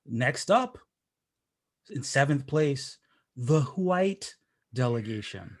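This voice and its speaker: A man hosting a podcast in casual chat, with a dry, deadpan delivery. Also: mid-range voice, slow pace. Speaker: podcast host.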